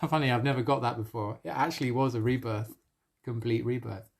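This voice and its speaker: A man sharing a personal spiritual experience on a live stream, earnest and emotional, with soft laughs between phrases. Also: medium pitch, steady tone, brisk, gravelly. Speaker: spiritual coach.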